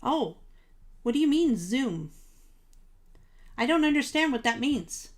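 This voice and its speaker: A woman's voice: high voice, sing-song, a little slow. A woman hosting a live crafting stream, chatting casually with viewers, gushing over supplies and laughing at herself. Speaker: craft livestream host.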